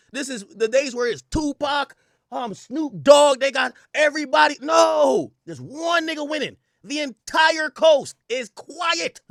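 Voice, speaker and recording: A man's voice: high-pitched, pushed and bright, no echo, studio quality. A man hosting a reaction commentary, ranting with profanity and repeating his points for emphasis. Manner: repetitive, emphatic. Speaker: host.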